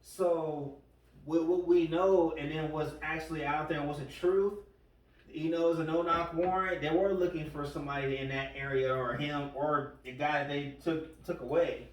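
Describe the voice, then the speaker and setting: A man's voice: a little high, steady tone, moderate pace. Male podcast host, loose rambling delivery, recorded off-mic in a roomy space. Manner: rambling, retells stories with quoted voices. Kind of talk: casual podcast chat. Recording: echoey room, far from the mic.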